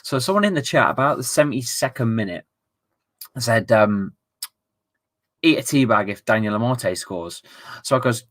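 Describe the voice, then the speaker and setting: A man's voice: mid-range voice, expressive, moderate pace, pauses often, fairly bright tone. A young man chatting casually on a football live stream, reading viewer messages aloud and laughing often.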